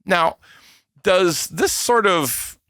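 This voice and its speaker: A man's voice: sits high, very slow, smooth, dry recording, clean studio sound. A Canadian man hosting a podcast, ranting in a casual, mocking way about politics. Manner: animated, laughing, mocking quotes of politicians. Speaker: podcast host. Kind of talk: casual opinion rant.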